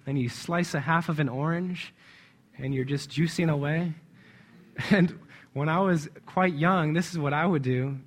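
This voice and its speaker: A man delivers a conversational sermon a little slowly, his voice on the high side. He punctuates it with emphatic stress on words and plenty of chuckles.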